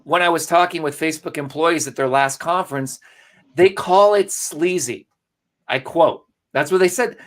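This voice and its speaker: Upbeat man hosting a live marketing stream. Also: a little high. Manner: animated, salesy, addresses viewers by name. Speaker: co-host of a live marketing broadcast. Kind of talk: casual live-stream presentation.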